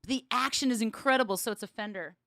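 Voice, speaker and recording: A woman hosting her own livestream as a bass player, chatting casually with viewers and laughing often. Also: quick pace, vocal fry, bright, forceful tone, no echo, studio quality. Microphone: streaming setup with cameras.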